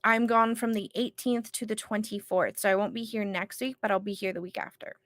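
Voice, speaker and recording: A woman's voice: mid-range voice, a little fast, no echo. A woman co-hosting a gaming stream, chatting casually and telling stories bluntly, with plenty of swearing. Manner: blunt, swears freely, animated storytelling. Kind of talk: casual chat.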